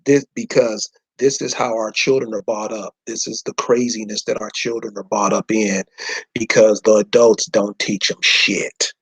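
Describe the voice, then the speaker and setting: A man's voice: fairly low pitch, little pitch movement, normal speed, husky. Preachy man lecturing with rhetorical questions. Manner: talks to the audience in loose slangy speech. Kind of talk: informal lecture pointing at a map.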